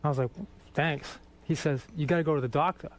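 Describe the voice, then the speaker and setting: A guest singer from Boston tells self-mocking, profane anecdotes fast, acting out the dialogue as he goes. His voice is fairly high-pitched with fairly even intonation.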